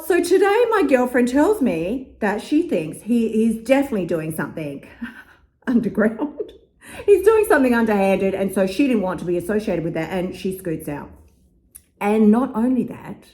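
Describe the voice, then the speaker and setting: A woman's voice: a little high, warm tone. A woman who coaches weight loss tells a story in a casual monologue, swearing often and laughing between lines.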